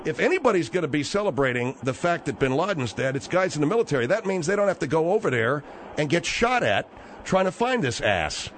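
A man's voice: fairly high pitch, big pitch swings, fairly quick, a bit bright, slight background noise. A man hosting a talk radio show. He argues in a combative, sarcastic way.

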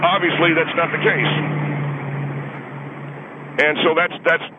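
A man's voice: on the high side, flat delivery, unhurried, background noise, pitched above the performer's own voice, lightly acted. A man putting on an aggrieved caller, tinny phone line. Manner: defensive, aggrieved, rambling with stammers. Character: indignant middle-aged man suing a chicken restaurant. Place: car on the road.

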